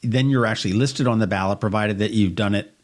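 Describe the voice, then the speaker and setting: Low-voiced man in casual political chat. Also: quick pace. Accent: Maryland. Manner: rambling, tells anecdotes with quoted voices. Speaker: podcast co-host.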